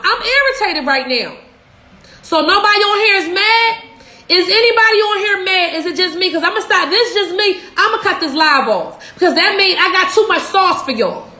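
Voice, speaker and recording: A woman's voice: very high voice, pushed and bright. A young woman in Philadelphia giving a profane, fired-up livestream rant, firing off rhetorical questions. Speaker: social media business coach. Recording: echoey room.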